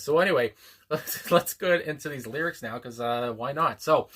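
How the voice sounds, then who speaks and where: Bright-voiced man rambling about music. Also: mid-range voice, a little fast. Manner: meandering, hesitant, many ums and restarts. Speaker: music reaction video host. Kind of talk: casual rambling commentary.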